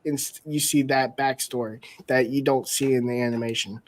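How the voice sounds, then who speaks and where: A man in casual chat as a panelist, hesitant with many fillers, then bursting with excitement. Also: mid-range voice, normal speed. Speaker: podcast panelist.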